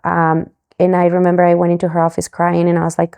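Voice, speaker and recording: A woman's voice: lowish voice, brisk, gravelly. A middle-aged woman from Mexico, a podcast guest telling a story and acting out the lines of others. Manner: animated, acts out quoted dialogue. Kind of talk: storytelling interview.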